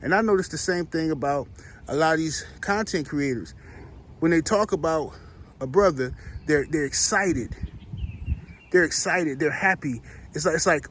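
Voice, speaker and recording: Guy ranting on his channel, slangy and rambly, kinda high voice for a man. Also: moderate pace, fairly bright tone, slight background noise. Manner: heated, rambling, slangy, with frequent restarts. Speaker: YouTube commentator. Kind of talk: opinion commentary vlog.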